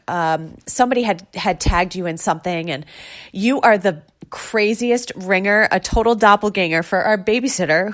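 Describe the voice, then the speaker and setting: A woman's voice: mid-range voice, a bit bright. Gushing chatty woman podcaster. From New York. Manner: chatty, gushing, retells stories with quoted voices. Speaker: podcast host. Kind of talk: casual solo podcast chat.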